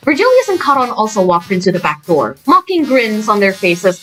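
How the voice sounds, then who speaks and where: A woman's voice: medium pitch, huge pitch swings, a little fast, few pauses, fairly bright tone, soft background music, low-quality recording. A woman reading a game story aloud, breaking off into gushing, giggly fan reactions.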